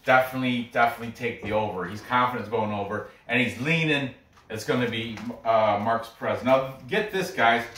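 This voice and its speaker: An excitable man talks through fight picks in a loose, bragging way, often restarting his sentences. His voice sits at an average pitch. He sounds a bit away from the mic, in an echoey room. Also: brisk, recorded from a distance, a little hiss or hum. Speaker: MMA picks video host. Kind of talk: casual solo commentary.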